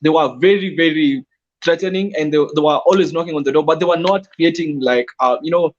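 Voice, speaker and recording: An excitable man with a fairly high voice argues football on a casual panel, stumbling over and repeating words as he goes. His audio sounds dull and lo-fi. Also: a little fast. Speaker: fantasy football pundit.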